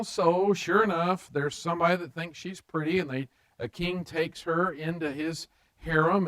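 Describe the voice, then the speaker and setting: A man's voice: sits high, a bit bright, rough recording. A man preaching a conversational sermon, mixing joking asides with acted-out paraphrases of scripture.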